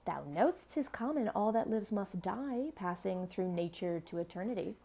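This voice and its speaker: A woman reading the verse of a widowed queen gently coaxing her grieving son, measured and calm. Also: medium pitch, gravelly.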